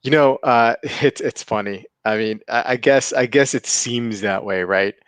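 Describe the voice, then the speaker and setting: A man's voice: medium pitch, unhurried, a bit bright, clear, resonant tone, no room sound. A man hosting a casual livestream, greeting viewers by name and chuckling often. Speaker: livestream host.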